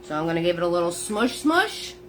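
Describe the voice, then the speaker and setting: Very animated and a little fast, a woman with a fairly low pitch and fairly bright tone leads a live painting lesson over a phone mic with slight hiss or hum. She narrates step by step in a chatty way, greeting viewers by name.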